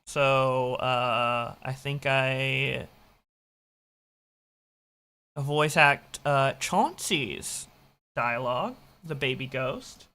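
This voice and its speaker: Brief: reaction streamer, bright and punchy, swears a lot, laughs at their younger self. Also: mid-range voice, extremely slow, long pauses, clean tone. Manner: swearing, excitable, self-mocking. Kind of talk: casual reaction commentary.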